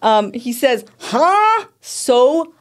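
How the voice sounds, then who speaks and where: A woman's voice: a little high, animated, fairly quick. A woman in her thirties co-hosting a podcast, teasing her partner and laughing often in casual banter. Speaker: podcast co-host.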